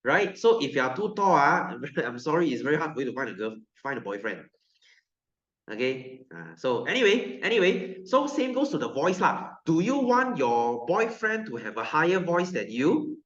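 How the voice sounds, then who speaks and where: A very animated male teacher, his voice a little high and a bit bright, lectures a science class at a moderate pace in Malaysian-accented English. Jokes, repetition and rapid-fire questions to students fill the talk. Sound quality is dull and lo-fi, in a roomy classroom.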